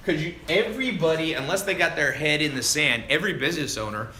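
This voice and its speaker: A man coaching viewers on a casual livestream, animated and chatty, calling people dude and man as he answers their questions. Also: a little high, fast, slight background noise. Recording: roomy echo with faint ambience.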